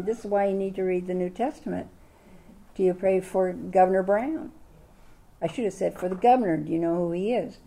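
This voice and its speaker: Older woman, Bible study teacher, mellow voice, chatty and full of questions to the class. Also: mid-range voice, a little hiss or hum. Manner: chatty, asks the listeners many questions.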